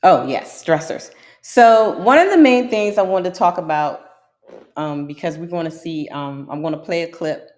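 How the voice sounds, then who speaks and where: Casting: woman, fairly low voice, loose and chatty host, animated storyteller. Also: moderate pace. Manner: animated storyteller, laughs often, exclaims to the Lord. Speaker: live stream host. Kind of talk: casual chat.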